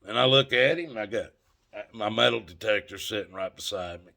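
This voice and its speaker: Gravelly man telling a story. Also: on the low side, brisk, pushed and bright. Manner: folksy, emphatic, addresses viewers as folks. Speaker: channel host. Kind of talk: casual storytelling.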